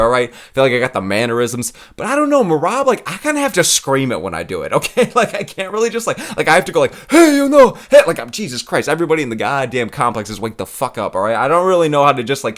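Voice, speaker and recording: A man's voice: mid-range voice, a bit bright. A young man hosting his channel in casual chat, swearing freely, laughing and tagging "all right?" onto lines. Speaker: channel host.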